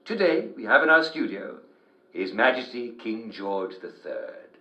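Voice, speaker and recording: An actor playing a smarmy TV presenter with jovial, theatrical patter. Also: male voice, mid-range voice, very animated, unhurried, pushed and bright, roomy sound, muffled recording, exaggerated voice. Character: Uncle Jack, smarmy English TV show host.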